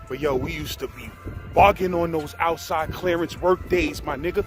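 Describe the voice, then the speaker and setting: Fairly quick and on the high side, a New York-accented man recounts a prison story, animated and casual, full of profanity and slang, imitating the people involved. Faint music plays behind him.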